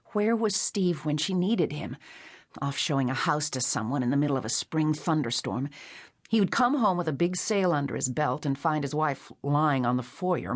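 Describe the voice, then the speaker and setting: A woman narrates a novel in a measured, even storytelling voice. Her register sits a little low for a woman. It is a clean audiobook reading. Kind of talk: scripted narration.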